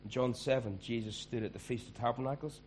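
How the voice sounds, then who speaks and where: A male pastor preaches in a conversational, emphatic manner. His voice sits at a middle pitch, with a faint hum in the background. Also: quick pace, a little mellow. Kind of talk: sermon.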